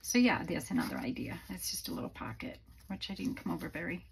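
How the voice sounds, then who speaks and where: A woman's voice: lowish voice, very animated, fast talker, creaky, slight background noise, poor audio. A woman hosting a casual craft tutorial from her home craft room, chatty and rambling with many fillers, a little out of breath. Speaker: craft channel host.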